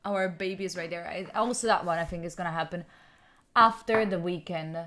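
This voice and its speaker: A woman's voice: fairly low pitch, fairly quick, fairly bright tone, a little hiss or hum. A young woman from Italy hosting a study livestream at home, chatting casually and giggling as she answers viewers' questions. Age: young adult. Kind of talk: casual chat with live viewers. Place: room at home.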